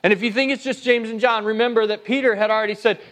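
A man preaching a sermon in a casual, conversational way, reading scripture aloud and acting out the quoted lines. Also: fast talker. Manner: conversational, animated, voices quotes in a higher pitch.

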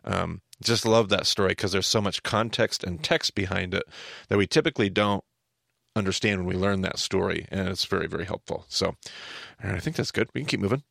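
Low gravelly man teaching the Bible. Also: fairly quick, dry recording, studio quality. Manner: animated, explanatory, repeats words when starting a thought. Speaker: podcast teacher. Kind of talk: casual Bible teaching talk.

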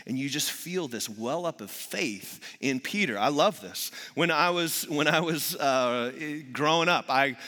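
A man preaching to a congregation with a bright, forceful, slightly high voice. He tells stories with energy and humor. The long reverb of a large church hall trails behind him. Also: unhurried, few pauses. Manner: energetic storytelling with acted quotes and humor. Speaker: pastor. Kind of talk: sermon.

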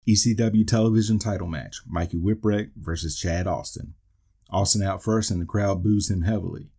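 A low-pitched man with a dark, husky voice talks through a wrestling match move by move. He tosses in dry jokes and asides as he goes, in the steady manner of a podcast host. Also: normal speed. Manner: dry asides and wisecracks between call-outs. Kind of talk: play-by-play recap of an old wrestling event.

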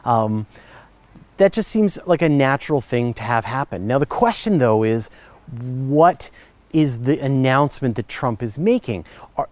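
A man's voice: mid-range voice, darkish tone, no echo. A middle-aged man hosting a podcast, answering listener questions in a chatty, enthusiastic way with fillers and self-corrections. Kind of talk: casual explanatory chat.

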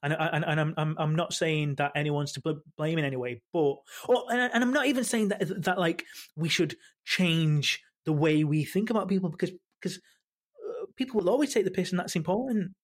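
A man, a football podcast panelist talking in a halting way full of restarts. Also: a little high. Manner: halting, many restarts and fillers. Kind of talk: casual football chat.

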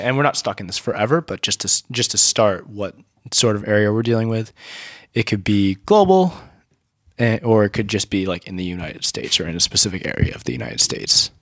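A man acting as game master, leading a casual planning chat for a tabletop game and thinking aloud with halting restarts. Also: lowish voice, a bit bright, no room sound, studio quality.

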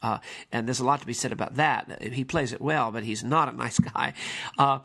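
A man's voice: mid-range voice, moderate pace, vocal fry, a bit bright. A man giving casual commentary on an old film, conversational and digressive with emphatic asides.

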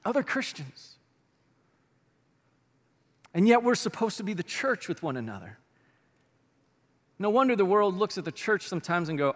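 Man, pastor, conversational sermon, high voice, long hall reverb. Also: big pitch swings, normal speed, pauses often. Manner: conversational and colloquial, addressing the congregation directly.

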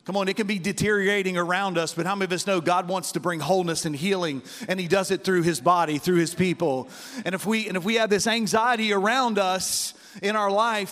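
A pastor preaching in a church hall, his fairly high voice trailing off into a long reverb. He tells homespun stories and keeps calling out to the congregation. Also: fairly bright tone. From West Virginia roots, United States. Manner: folksy storytelling with call-outs to the congregation. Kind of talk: sermon.

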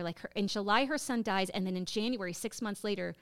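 An American woman in her thirties, co-hosting a podcast and telling a story in a casual, emotional way, with halting speech and lots of fillers. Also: mid-range voice, fairly bright tone, clear, resonant tone, dry recording, clean studio sound. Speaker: podcast co-host.

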